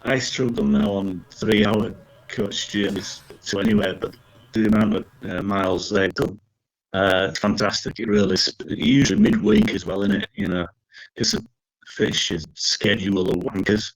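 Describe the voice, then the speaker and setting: A man's voice: on the low side, very animated, moderate pace, gravelly, rough recording. A man chatting casually about football as a podcast co-host, full of banter and the odd swear word.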